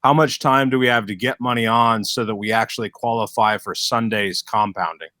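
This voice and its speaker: A lower-pitched man asks the team a quick question, speaking plainly and casually. The sound is close and dry, with no room around it. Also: fairly even intonation, bright, forceful tone, no room sound. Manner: casual, direct. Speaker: listener asking a question.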